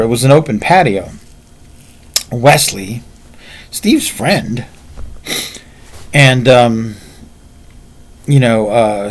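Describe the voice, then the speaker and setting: A man telling a martial arts story in a casual, rambling way, with frequent fillers. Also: mid-range voice.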